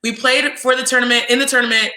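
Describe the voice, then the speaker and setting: A woman's voice: sits high, steady tone, quick pace, pushed and bright, roomy sound, poor audio. A woman in her twenties, a podcast guest telling a casual story and acting out other people's voices. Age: 20s.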